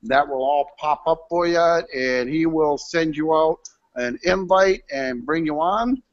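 A man's voice: a little high, a little slow, dull audio. A man co-hosting a casual beer live stream from a restaurant, rambling with many fillers over an online call. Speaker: live show co-host.

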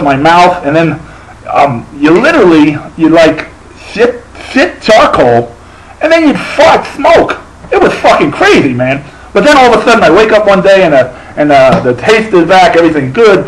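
A man's voice: high-pitched, slight background noise, poor audio. A middle-aged man with a lisp, telling a profane, rambling stand-up story full of restarts. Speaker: stand-up comedian.

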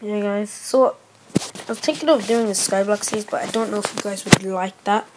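A young woman giving casual gameplay commentary as host of her gaming channel, rambling and repeating herself, with sudden excited shouts. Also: medium pitch, normal speed, very noisy.

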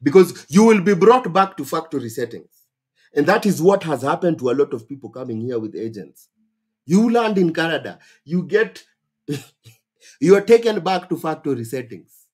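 Husky-voiced Kenyan man, animated. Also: a little high, moderate pace. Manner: animated, exclamatory, repeats phrases for emphasis. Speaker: host. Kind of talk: casual advice livestream.

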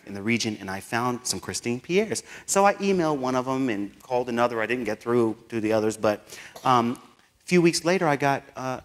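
A man giving a keynote speech, telling a personal story with animated delivery and acted-out dialogue. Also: mid-range voice. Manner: animated, acts out dialogue, laughs often. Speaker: keynote speaker.

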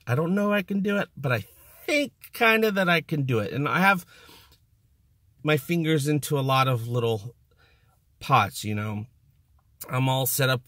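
In clean, dry studio audio, a man hosting his own YouTube channel rambles casually to the camera, cracking jokes at his own expense. His voice is mid-range with a fairly bright tone.

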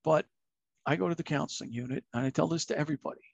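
A middle-aged retired fire captain speaks in a fairly high, gravelly voice with a husky edge. He talks candidly and reflectively in a plain, earnest way. The sound is dry and close, with no room around it. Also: very fast, no echo, dull audio. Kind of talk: candid personal storytelling.

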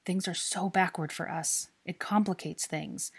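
A woman's voice: fairly low pitch, fairly even intonation, unhurried, vocal fry, husky, full character voice. Woman voicing an anxious young man pleading. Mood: earnest. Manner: pleading, urgent.

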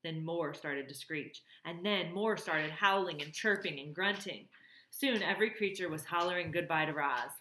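A woman reading a children's novel aloud in an expressive, emotional way. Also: sits low, moderate pace, slight background noise. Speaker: reader. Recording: roomy echo.

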